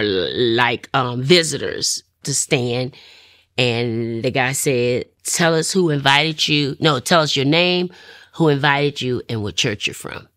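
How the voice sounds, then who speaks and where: A middle-aged woman telling a personal testimony story, animated and laughing often as she talks. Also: very deep voice, no room sound, clean studio sound. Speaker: testimony speaker.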